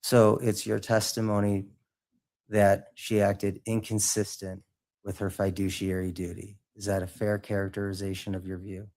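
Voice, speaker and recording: A man questioning a witness at a formal hearing in precise, measured legal phrasing. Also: on the low side, little pitch movement, darkish tone. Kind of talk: formal cross-examination.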